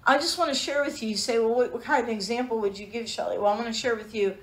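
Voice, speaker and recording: Woman, Bible teacher, sermon, earnest and emotional, fairly high voice, echoey room. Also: fast talker. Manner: personal storytelling, earnest and emotional.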